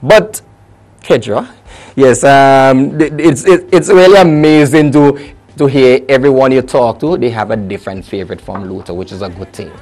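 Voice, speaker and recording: A young adult man, a soca artist chatting lively and casually in an interview. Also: mid-range voice, moderate pace. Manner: lively, chatty, full of restarts and local phrasing.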